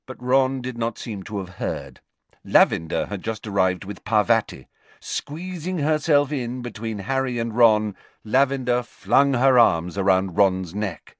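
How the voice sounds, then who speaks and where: A man's voice: lowish voice, lively intonation, a little slow, no room sound. A man reading a novel aloud as audiobook narrator, telling the story expressively. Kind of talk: scripted narration.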